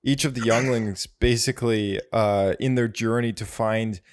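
A man's voice: lowish voice, fairly even intonation, unhurried. A man co-hosting a casual talk show, easygoing and stumbling over restarts. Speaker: podcast co-host. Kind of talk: casual chat.

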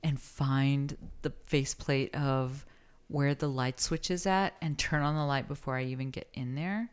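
Low-voiced woman, animated and emphatic. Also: a little slow, clean tone. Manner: animated, emphatic, swears freely. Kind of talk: casual chat.

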